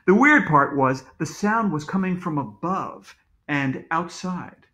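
A man reading his own children's book aloud from home, playful and full of jokey asides. His voice is high and very animated. The recording carries a roomy echo. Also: takes it slowly.

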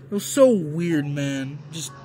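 A man giving excited gameplay commentary, yelling, laughing and pleading with his opponents as he plays. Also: a little high, slow, soft background music. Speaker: gaming video creator.

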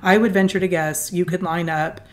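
Earnest, lower-voiced woman storyteller. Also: normal speed. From Southern California. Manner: earnest, animated storyteller with restarts. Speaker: guest, foundation founder. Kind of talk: conversational storytelling interview.

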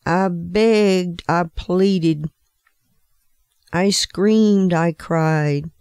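A woman voicing a talking teacup that was once clay, telling its story slowly. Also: fairly low pitch, a little mellow, clean tone, no room sound, clean studio sound. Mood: recounting.

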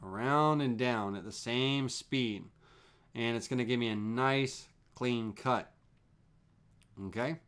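A man teaching CNC toolpaths on a live stream, explaining in a relaxed, repetitive way with fillers as he works the software. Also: mid-range voice, takes it slowly, clear, resonant tone. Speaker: CNC woodworking instructor.

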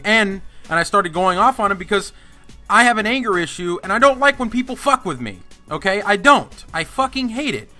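A man's voice: high voice, brisk, soft background music. A young man hosting a gaming channel, telling a story in an indignant, swearing rant. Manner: animated, indignant ranting with heavy swearing. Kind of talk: storytime vlog over gameplay.

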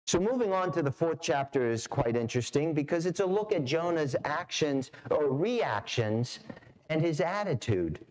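A man's voice: a little high, sing-song, moderate pace, darkish tone. A middle-aged man preaching a sermon as pastor, storytelling with animation and acting out voices. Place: church sanctuary.

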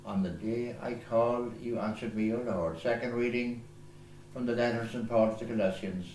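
A man, a priest reading scripture aloud at Mass, in a slow, deliberate way with small slips and self-corrections. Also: medium pitch, steady tone, darkish tone. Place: small chapel oratory indoors. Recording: echoey chapel with faint background hiss.

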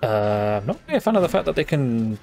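A man's voice: mid-range voice, big pitch swings, quick pace, creaky, darkish tone, faint music behind. A man hosting a gaming channel, giving casual gameplay commentary, rambling and thinking aloud with fillers and trailing sentences.

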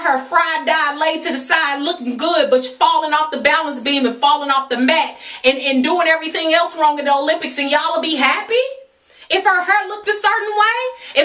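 A woman's voice: very high voice, pushed and bright, echoey room, far from the mic. A woman, giving a passionate, preachy vlog rant full of rhetorical questions. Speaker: natural hair and fitness vlogger.

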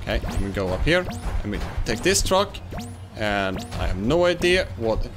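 A young man giving excitable let's-play commentary, laughing and shouting at wins and fails. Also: on the low side, moderate pace, faint music behind. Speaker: gaming YouTuber.

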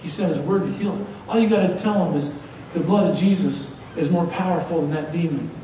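A man preaches from the pulpit with a mellow, somewhat higher voice, mixing jokes with fervent urging. He stands well back from the mic in a church hall that rings with heavy echo, and a faint hiss sits under the recording. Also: fairly quick, recorded from a distance. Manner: lively, joking, exhorting. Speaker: pastor. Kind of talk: preaching a sermon. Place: church sanctuary.

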